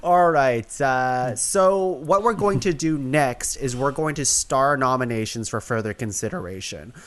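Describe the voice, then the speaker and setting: A man's voice: medium pitch, a little slow, a bit bright. A man hosting a comedy podcast, playful and jokey, laughing often between remarks. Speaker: podcast host. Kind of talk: casual comedic chat.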